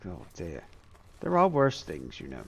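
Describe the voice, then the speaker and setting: Middle-aged gamer from Plymouth, low voice, rambling casual commentary. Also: male voice, wildly swooping pitch, a little slow, vocal fry, fairly bright tone. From Plymouth, England. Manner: rambling, musing aloud with many fillers. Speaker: gameplay streamer.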